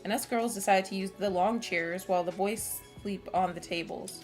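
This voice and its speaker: A calm young girl narrating a video game story, as a woman reads her lines. She tells it in an even, reflective way, over faint music. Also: mid-range voice, moderate pace, close to an everyday voice. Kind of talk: reading a visual novel aloud.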